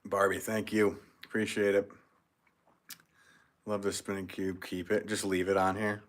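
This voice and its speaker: Low-voiced and level in tone, this man from the United States talks a little slowly as he runs a relaxed pottery livestream. He jokes around, reads out what viewers write, and chuckles frequently.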